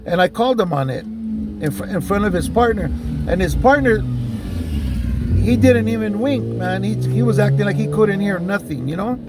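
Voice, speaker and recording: Gravelly-voiced man, heated storytelling. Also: high voice, animated, moderate pace, heavy background noise. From Southern California. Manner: heated, profane, rambling with many fillers. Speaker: vlogger telling personal stories. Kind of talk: casual storytelling monologue.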